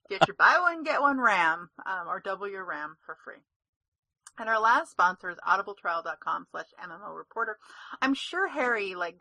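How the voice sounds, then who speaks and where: A woman's voice: medium pitch, pushed and bright, dry recording. A woman co-hosting a gaming podcast, chatty and giggly, often trailing off mid-sentence. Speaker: podcast co-host. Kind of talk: casual chat.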